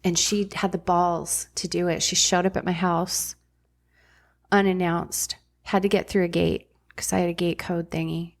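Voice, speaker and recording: Blunt woman with a low, flat voice. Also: normal speed, vocal fry. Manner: blunt and casual, with frank swearing. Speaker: podcast guest, former ER nurse. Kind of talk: candid conversational storytelling.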